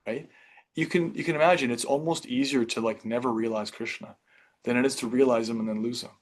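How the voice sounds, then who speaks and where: Man teaching a relaxed scripture class. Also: medium pitch, brisk. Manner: conversational, reflective, with restarts and softer asides. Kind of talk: reading and explaining scripture to a class.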